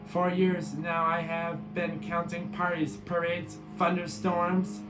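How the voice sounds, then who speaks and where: A man's voice: high-pitched, completely flat delivery, slow. A man reading as a grand counting vampire. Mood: delighted. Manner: grand, exclaiming. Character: theatrical male vampire who loves counting. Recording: echoey room with guitar music.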